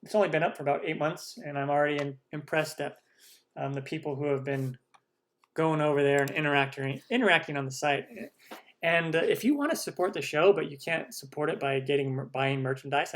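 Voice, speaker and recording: A man hosting a cooking channel live stream, chatting casually with viewers, rambling and humming while he scrolls. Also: fairly high pitch.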